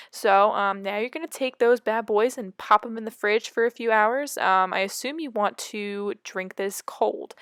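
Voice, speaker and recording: A woman's voice: medium pitch, fairly bright tone, clear, resonant tone, dry recording. A young woman narrating a cooking vlog in a casual voice-over, breezy and self-mocking with frequent fillers. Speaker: vlogger. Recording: dry close voice-over.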